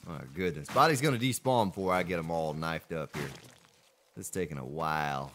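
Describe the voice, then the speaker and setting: A man's voice: very deep voice, moderate pace, fairly bright tone, a little hiss or hum. A man streaming a survival game, chatting casually with viewers and greeting them by name. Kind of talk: casual gameplay commentary.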